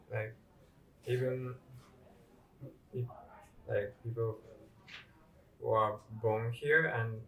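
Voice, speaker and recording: Slow, tentative man, distant roomy sound. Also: lowish voice. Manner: slow, tentative, many "like" fillers. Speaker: interviewee. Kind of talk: group interview talk.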